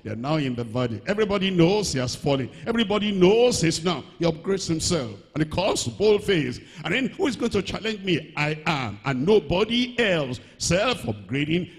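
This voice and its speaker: Higher-voiced man preaching in a hall. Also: a little mellow, slightly rough. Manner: emphatic, repeats key words, shifting between quick bursts and slow stresses. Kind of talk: sermon. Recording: long reverb of a hall.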